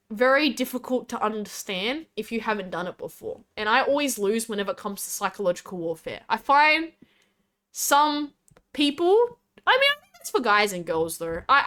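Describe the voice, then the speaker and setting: A woman's voice: a little high, pushed and bright. A young Australian woman streaming as a VTuber, chatting casually with a rambling, giggly way of talking as she reads chat aloud.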